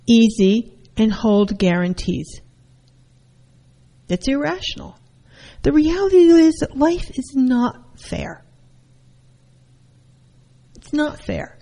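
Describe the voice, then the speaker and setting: Animated middle-aged woman teaching. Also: a little high. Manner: animated, acts out her mother's voice. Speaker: counselor teaching a class. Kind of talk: informal teaching talk with personal stories.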